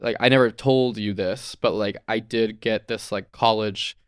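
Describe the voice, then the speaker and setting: A man's voice: lowish voice, fairly even intonation, unhurried, smooth, no room sound, clean studio sound. A young man in his twenties co-hosting a podcast, telling a long rambling story in casual chat, full of "like" and swearing. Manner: rambling storyteller, heavy use of "like", swears freely. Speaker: podcast co-host.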